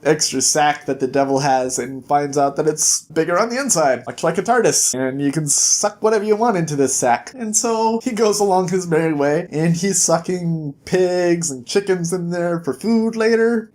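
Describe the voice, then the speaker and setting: A man's voice: high-pitched, normal speed, hardly any pauses. A man hosting a comic book review show, retelling an issue in a jokey, casual way. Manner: animated, jokey storytelling.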